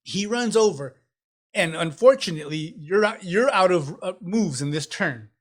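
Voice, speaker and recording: A man narrating a tabletop role-playing game as game master, animated and laughing often as he describes the action. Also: high-pitched, moderate pace.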